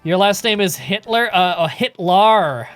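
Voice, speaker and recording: A man streaming a game live, chatting in a relaxed, casual way with some swearing as he answers chat questions. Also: high-pitched, normal speed, no room sound, soft background music.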